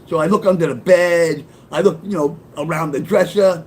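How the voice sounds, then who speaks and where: This is casual, profane storytelling from a middle-aged man's own life, delivered at a normal speed in a voice on the high side. He gets animated and voices the people he quotes, and the low-quality recording carries slight background noise.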